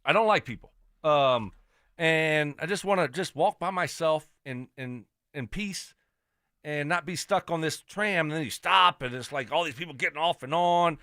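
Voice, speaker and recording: A man hosting a sports radio show, telling a story in an animated, exasperated rant. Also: fairly high pitch, moderate pace, dry recording, studio quality. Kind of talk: casual radio chat.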